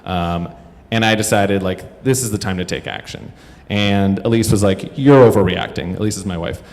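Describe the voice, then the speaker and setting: Thirties male storyteller; low-ish, rambling and self-deprecating, reverberant live venue. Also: normal speed. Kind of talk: live comedic storytelling to an audience. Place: stage in front of a live audience. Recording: echoey hall.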